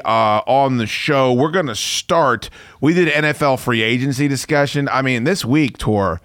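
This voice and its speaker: A man's voice: mid-range voice, unhurried, fairly bright tone, dry recording, studio quality. A man hosting a sports talk podcast, casually rambling and joking, with lots of fillers and restarts. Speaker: podcast host.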